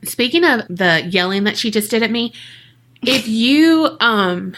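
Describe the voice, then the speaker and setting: A woman's voice: a little high, expressive, a little slow, a bit bright. A woman co-hosting a podcast in a casual, chatty way, laughing often and talking straight to listeners. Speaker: podcast co-host. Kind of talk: casual chat.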